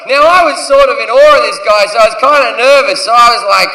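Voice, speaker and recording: Australian male stand-up, high bright voice, crude storyteller, echoey theater with faint crowd hum. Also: a little fast, few pauses. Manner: crude storytelling, acts out characters in shifting voices. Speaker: stand-up comedian. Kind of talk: stand-up comedy set. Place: large theater stage. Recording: echoey venue recorded from a distance.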